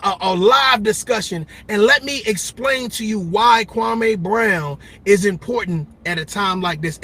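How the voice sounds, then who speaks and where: A man's voice: high-pitched, bright, forceful tone, breathy edge. A middle-aged man giving a passionate, preacher-like commentary monologue, emphatic and repetitive. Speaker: commentary vlogger.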